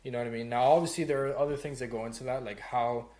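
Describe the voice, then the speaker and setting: A young man talks straight to camera from his home office, coaching beginners on sales calls. His delivery is loose and conversational, full of fillers and quick check-ins with the viewer, at an ordinary mid pitch. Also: fairly even intonation, darkish tone. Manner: loose, conversational, heavy on "like" and "right?". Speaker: sales course instructor. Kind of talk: casual talking-head lesson.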